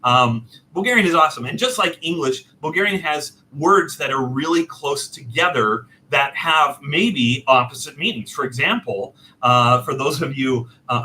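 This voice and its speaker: A man casually telling a personal story, animated and self-deprecating, laughing often. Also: medium pitch, a little hiss or hum, poor audio. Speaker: storyteller host.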